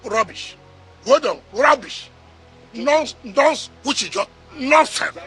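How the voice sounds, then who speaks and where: A middle-aged man with a Nigerian accent fires back in a heated interview, hammering rhetorical questions and repeating his words. His voice sits very high and cuts sharply, with a rough, husky edge. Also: lively intonation, measured pace, sharp tone, faint music behind. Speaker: politician interviewee.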